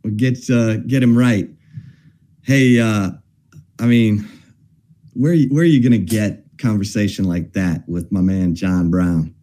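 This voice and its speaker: A man's voice: on the low side, unhurried, mellow. A man hosting a sports talk show, upbeat and talking up guests and sponsors. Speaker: host.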